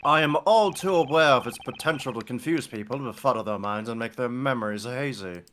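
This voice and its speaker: A man's voice: mid-range voice, fairly quick, a bit bright, a little hiss or hum, lightly acted. A man reading a solemn, stern inquisitor. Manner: formal, solemn courtroom speech read aloud. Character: stern male inquisitor presiding over a witch trial. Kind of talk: reading game dialogue aloud on a stream.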